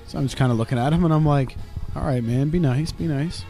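A man's voice: a little high, quick pace, warm tone, faint music behind. A young man co-hosting a casual podcast, telling a long story full of swearing and acted-out quotes of other people. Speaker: podcast co-host.

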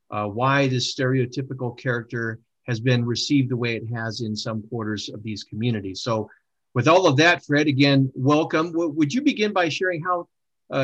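A man's voice: medium pitch, no room sound, lo-fi sound. A middle-aged man hosting an online discussion, speaking with many hesitations and fillers. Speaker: host.

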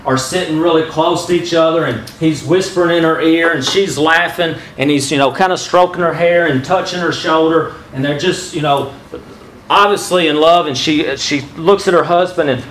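Man preaching with a slightly raised pitch. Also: fairly bright tone, a little hiss or hum, poor audio. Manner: conversational preaching, asks the men direct questions. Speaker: pastor. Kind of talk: sermon.

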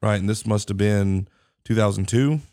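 Low-voiced male podcast host. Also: moderate pace, a little mellow. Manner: explains things with restarts. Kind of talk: casual chat.

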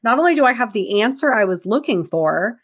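A young woman co-hosting a casual movie review podcast, animated and swearing, acting out characters' lines. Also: a little high, fairly quick, slightly rough. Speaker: podcast co-host.

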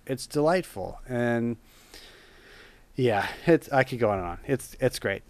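A man's voice: mid-range voice, lively intonation, unhurried, dry recording. A man co-hosting a casual chat podcast, talking with enthusiasm and rambling at times. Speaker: podcast co-host.

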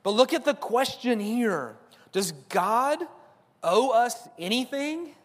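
High-voiced male preacher, chatty sermon delivery, big echoing hall. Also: lively intonation, slow pace. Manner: conversational preaching, tag questions. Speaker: pastor.

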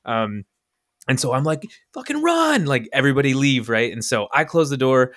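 A man's voice: fairly quick, dry recording, clean studio sound. A young man casually telling a story on a podcast, acting out the quotes with big jumps in his voice. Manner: animated, acts out quotes with big pitch jumps. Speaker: podcast co-host.

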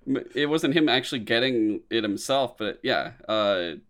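A man's voice: mid-range voice, lively intonation, moderate pace, a bit bright. A young man in casual, profane chat about a movie, acting out quotes from scenes. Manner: laid-back, swears often, acts out quotes.

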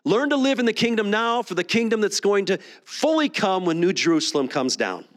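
A man's voice: high-pitched, big pitch swings, fairly quick. A man preaching a Sunday sermon in a conversational way, with many restarts. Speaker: pastor. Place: church sanctuary.

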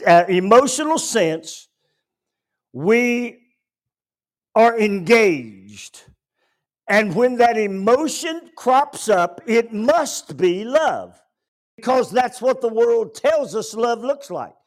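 A male pastor preaching a sermon in a church, swinging between loud bursts and quiet asides. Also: high voice.

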